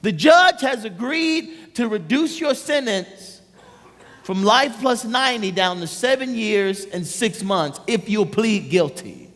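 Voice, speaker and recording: A man voicing a male lawyer who talks in a bright, measured way. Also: high voice, expressive, big-room sound, pitched above the performer's own voice, heavily acted. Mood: upbeat. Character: upbeat male lawyer with good news.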